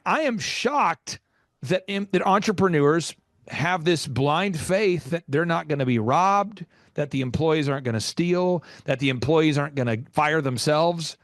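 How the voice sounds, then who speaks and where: A man hosting a business podcast, talking emphatically, repeating his points and leaping up in pitch in disbelief. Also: moderate pace, no echo, studio quality. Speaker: podcast host, business coach. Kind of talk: animated interview talk.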